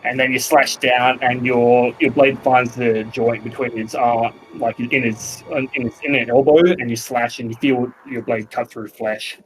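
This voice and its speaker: An Australian man narrating a tabletop game as game master, with a loose, relaxed delivery full of fillers. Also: medium pitch, measured pace, few pauses, slight background noise. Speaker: dungeon master. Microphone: podcast microphone.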